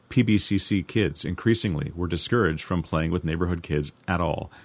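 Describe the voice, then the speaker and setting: Podcast host, deep male voice, dry close sound, measured and wry. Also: no room sound. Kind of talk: casual chat and scripted narration.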